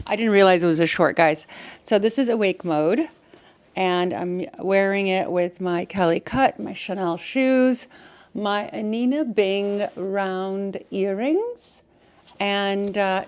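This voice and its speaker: A woman's voice: medium pitch, dry recording. A woman vlogger in the middle of her own range chats away to her handheld camera. She gushes over clothes in a playful, friendly way. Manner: chatty, gushing, playful. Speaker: fashion vlogger. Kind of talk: casual vlog chat. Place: shops and streets in a city.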